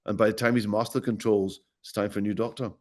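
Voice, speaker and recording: A man's voice: lowish voice, level tone, fast talker, a little mellow. A middle-aged man with a Glaswegian Scottish accent, a guest actor chatting in an interview in a playful, joking way. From Scotland. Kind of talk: casual interview chat.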